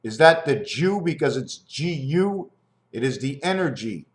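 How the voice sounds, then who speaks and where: A man's voice: mid-range voice, big pitch swings, unhurried. A man musing in a rambling, free-associating monologue at home, asking his viewers questions as he explains his designs. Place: at home near his fridge, indoors.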